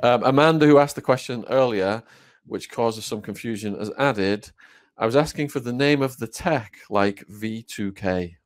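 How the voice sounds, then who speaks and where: A man's voice: mid-range voice, moderate pace. Man hosting, reading viewer questions. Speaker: podcast host.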